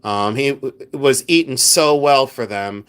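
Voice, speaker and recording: A man's voice: medium pitch, unhurried, a bit bright, clean tone. A man hosting a casual live stream, talking straight to his viewers in a rambling way with many fillers and restarts. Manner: chatty, addresses viewers directly. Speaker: live stream host and reseller.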